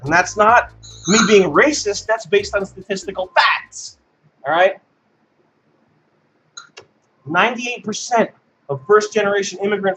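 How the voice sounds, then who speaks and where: A man's voice: high voice, a bit bright. A man delivering a mocking comedic rant in a sarcastic, sing-song manner, often tagging lines with "okay?". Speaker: comedic host.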